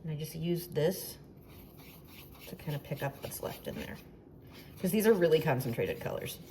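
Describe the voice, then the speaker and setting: Low-pitched chatty woman demonstrating. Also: big pitch swings, normal speed, noisy background. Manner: chatty, self-deprecating, playful asides. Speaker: baking tutorial host. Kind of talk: casual demonstration.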